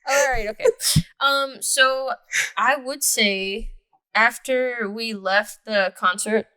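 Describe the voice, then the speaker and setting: A woman in her twenties co-hosting a podcast, chatting casually, laughing often and chiming in with quick agreement. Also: fairly high pitch, bright, forceful tone, clean tone. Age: 20s. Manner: laughs often, chimes in with short agreeing interjections. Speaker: podcast co-host. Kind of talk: casual chat.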